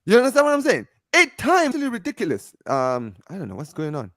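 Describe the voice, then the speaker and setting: A man co-hosting a casual football debate over an online call, animated and emphatic, often asking if you understand what he's saying. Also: sits high, brisk, no echo, clean studio sound. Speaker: football podcast co-host. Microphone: home mic over internet call.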